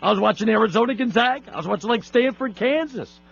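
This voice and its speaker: A man hosting a sports radio talk show, ranting in an exasperated, rapid-fire way. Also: high-pitched, expressive, creaky, a bit bright, slightly rough. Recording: lo-fi radio broadcast.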